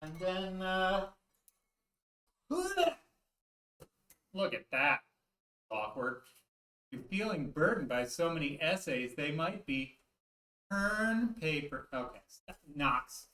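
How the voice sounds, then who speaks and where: Pria bercanda dari jauh di ruangan bergema. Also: male voice, on the high side, lively intonation, slow pace, pauses often, sharp tone. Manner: jokey, punning, crude asides. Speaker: YouTube host. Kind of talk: casual joking vlog. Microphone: camera mic from a distance. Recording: roomy echo, far from the mic, faint noise.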